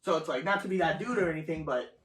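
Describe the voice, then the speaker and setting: A man's voice: a little high, fast talker. A young man telling work stories in casual chat, swearing often and laughing as he goes. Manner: profane, animated storytelling with laughter. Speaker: storyteller guest. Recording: echoey room, mic at a distance.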